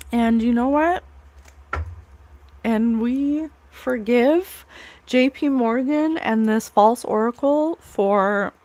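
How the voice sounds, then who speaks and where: A woman's voice: fairly high pitch, a little mellow, no room sound. Emotional psychic woman, earnest, dry close sound. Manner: emotional, earnest, laughs often. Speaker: psychic medium host. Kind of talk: livestream spiritual channeling.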